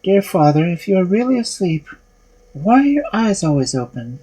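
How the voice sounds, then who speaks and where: A frightened but clever young maiden from a fairy tale, as a man puts her on, pleading in a high, nervous voice. Her pitch swings a great deal, while the tone stays husky. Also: big pitch swings, moderate pace, mellow, full character voice, poor audio. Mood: coaxing.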